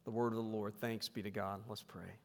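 A man preaching as pastor in a church sanctuary, reading scripture slowly and then talking with humor in a conversational way. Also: on the low side, flat delivery. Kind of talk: sermon. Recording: long hall reverb.

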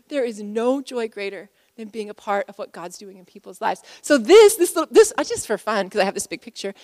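A woman's voice: medium pitch, animated, brisk, hardly any pauses, darkish tone. A woman in her forties giving an emotional, chatty sermon to a conference crowd. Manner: conversational, emotional, many fillers. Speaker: pastor's wife speaking at a conference. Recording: hall reverb.

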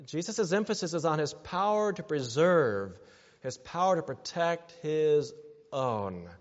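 A man's voice: a little high, lively intonation, measured pace. A man preaching a sermon as pastor, earnest and building to emphatic exhortations. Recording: dull sound with long hall reverb.

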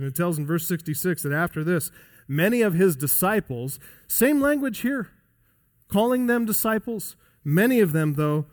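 A male pastor preaching a sermon emphatically, swinging between loud high emphasis and quiet low drops. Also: big-room sound. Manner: emphatic preaching with wide swings in pitch and loudness. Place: church sanctuary.

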